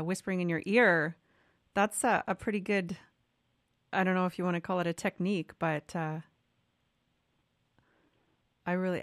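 A woman's voice: lowish voice, dry recording, clean studio sound. A woman hosting an interview, asking questions with a hesitant, searching manner. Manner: hesitant, many fillers and restarts while asking. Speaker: interview host. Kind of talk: conversational interview.

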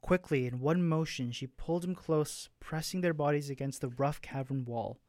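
A man with a slightly high voice reads his own story aloud in a soft, hushed way. He stumbles and restarts now and then. The sound is dry and close. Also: normal speed, dry recording.

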